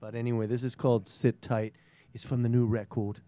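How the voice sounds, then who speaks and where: A man's voice: medium pitch, level tone, fairly quick, mellow. A man from Minnesota with a Minnesotan accent, a guest musician chatting casually between songs in a garage studio, joking and self-deprecating in a rambling way. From Minnesota, USA. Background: guitar.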